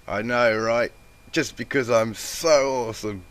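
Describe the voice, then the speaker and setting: A man's voice: fairly high pitch, slow pace, voice pushed up. A man voicing a drunk, boastful young female pegasus pony in a fanfic reading, slurring and cocky.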